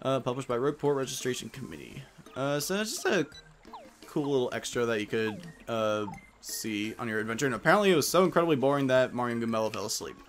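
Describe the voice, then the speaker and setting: A man's voice: mid-range voice, big pitch swings, quick pace, soft background music. A man hosting a let's play, who chats casually, jokes about the game and reads its text aloud. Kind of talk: gameplay commentary.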